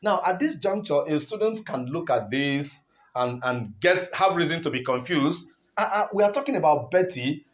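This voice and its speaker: Emphatic male English teacher, lively pitch. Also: normal speed. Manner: emphatic, repeats key words, asks learners questions. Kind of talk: online lesson.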